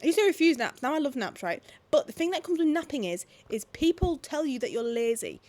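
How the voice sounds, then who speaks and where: Woman in her 20s, at-home vlog rant, sweary and animated, voice on the high side. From England. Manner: swearing, animated, fast-shifting, lots of "like". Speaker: vlogger. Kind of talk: casual ranting monologue. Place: at home, indoors.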